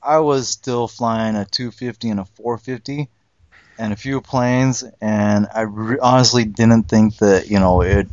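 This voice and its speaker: A man hosting a laid-back podcast, ribbing his co-hosts as he leads the talk. His voice sits at a middle pitch. The recording is dry and a bit dull. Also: fairly even intonation, unhurried, darkish tone, dry recording. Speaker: podcast host. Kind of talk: casual chat.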